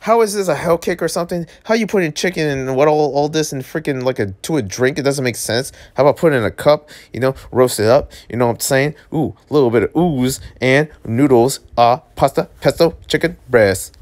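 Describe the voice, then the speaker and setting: A man reading a webtoon aloud and reacting with excitable, joking asides. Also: medium pitch, brisk, hardly any pauses. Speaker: webtoon reader.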